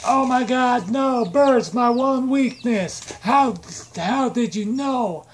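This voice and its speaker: A storyteller voicing a panicked talking stack of pancakes, shrill and melodramatic. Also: takes it slowly, a little hiss or hum, close to an everyday voice. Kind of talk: comic storytelling.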